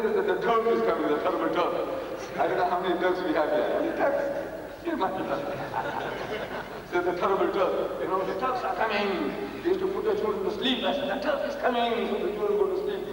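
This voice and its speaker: A man's voice: high voice, noisy background. A man giving a religious lecture to students, emphatic and rhetorical, often repeating his points for effect. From South Africa. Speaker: speaker addressing students. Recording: echoey hall from far off.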